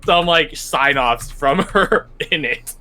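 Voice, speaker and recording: A man's voice: a little high, slow, pushed and bright. A young man narrating a tabletop game as game master, rambling with many fillers and restarts.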